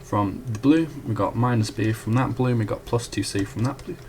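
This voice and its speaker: A young adult student tutor chats his way through a math proof at a whiteboard, correcting himself and tossing in apologetic asides. His voice is fairly low and darkish, a little fast, with slight background noise.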